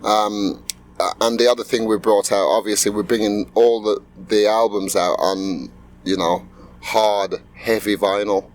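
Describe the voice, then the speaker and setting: A middle-aged man, a musician being interviewed, talking in a relaxed, rambling way with many fillers. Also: on the low side, measured pace. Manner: laid-back, rambling storyteller with fillers. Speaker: musician guest. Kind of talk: casual interview.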